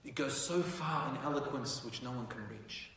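A man telling a dramatic story as a sermon, going from hushed lines to loud, animated ones. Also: medium pitch, moderate pace, recorded from a distance, slight background noise. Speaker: preacher. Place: mosque prayer hall. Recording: echoey hall, mic from afar.

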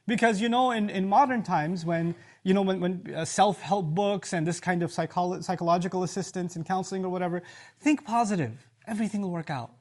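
A man giving an Islamic lecture, animated and joking, acting out voices and quoting Arabic verses. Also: high-pitched, fairly quick, few pauses. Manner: animated, acts out voices and jokes. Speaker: preacher.

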